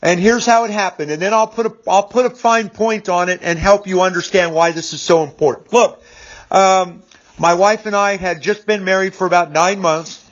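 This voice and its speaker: Guy in his fifties rambling through a story, kinda high voice for a man, lots of um and restarts, muffled lo-fi audio. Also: fairly even intonation, moderate pace. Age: 50s. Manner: rambling, repeats words, frequent fillers. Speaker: business speaker. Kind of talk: casual storytelling monologue. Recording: dull lo-fi recording.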